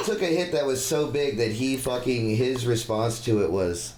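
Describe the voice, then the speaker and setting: A man's voice: medium pitch, unhurried. A man in his twenties, a comedian guest telling a rambling story in casual chat, laughing often and swearing a lot. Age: 20s. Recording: echoey room with faint noise.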